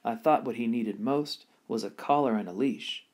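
A man reading a children's novel aloud in an expressive storytelling manner. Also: mid-range voice, normal speed. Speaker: reader.

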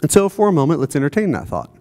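A pastor preaching a sermon in a conversational way, asking the congregation rhetorical questions. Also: male voice, a little high, huge pitch swings, rapid-fire, mellow. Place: church.

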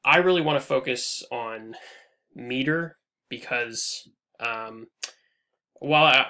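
A man teaching a recorded online lecture over slides, casual and full of "um"s, his phrases trailing off quietly at the ends. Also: medium pitch, creaky. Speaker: English instructor.

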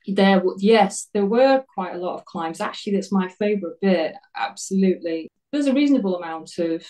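A woman's voice: medium pitch, animated, a little fast, warm tone, distant mic, rough recording. A woman in her fifties, a guest telling her story in a casual interview, chatty and self-deprecating, often laughing at herself.

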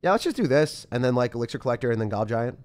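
A young man giving live commentary as he plays a mobile game, thinking aloud and breaking into sudden excited yelps. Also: medium pitch, rapid-fire, soft background music. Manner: excitable, talks to himself while playing, sudden yelps. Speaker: game streamer.

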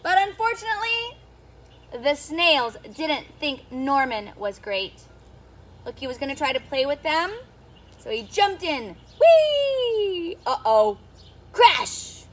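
A woman who is a children's storyteller, reading a picture book aloud to young children in an animated teacher's voice that keeps asking them questions. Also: high voice, a little slow, slight background noise. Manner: animated, sing-song teacher talk with questions to the kids.

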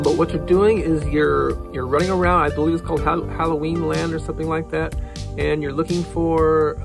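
A man's voice: on the high side, gravelly. A man hosting a casual morning show, recommending free games in a loose, rambling way full of fillers. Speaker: show co-host. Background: music.

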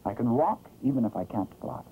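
A man's voice: medium pitch, expressive, a little fast, natural voice. A man voicing a cocky young male robin in a 1960s cartoon, talking in a chirpy, know-it-all way. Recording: muffled, hissy 1960s film soundtrack.

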